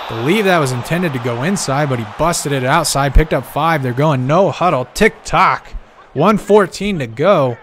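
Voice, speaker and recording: A man calling a simulated football game play by play. He gets excitable, rises to shouts on big plays, and keeps talking straight to the listeners as folks. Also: fairly high pitch, slight background noise. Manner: talks directly to the audience, calling them folks. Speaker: play-by-play commentator.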